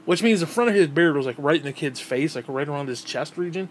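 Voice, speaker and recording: A man in his thirties with a fairly high voice tells an old memory in loose, casual storytelling. He swears freely and trips over repeated words as he goes. A faint background hum sits under his voice. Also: fast. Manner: profane, rambling, repeats and restarts words. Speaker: vlogger.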